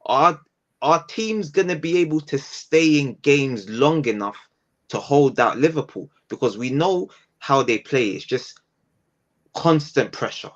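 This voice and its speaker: A man, giving his thoughts on football in a relaxed podcast chat. He weighs things up and repeats key phrases for emphasis. His voice is middling in pitch and comes through a bit dull and lo-fi. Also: unhurried. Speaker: podcast panelist.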